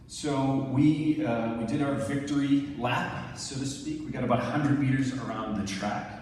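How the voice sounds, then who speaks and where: A man in his thirties from Canada, a former Olympic sprinter, gives a conversational talk to an audience, narrating video clips and asking a helper to play or pause them. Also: mid-range voice, a little mellow, a little hiss or hum. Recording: echoey hall from far off, faint ambience.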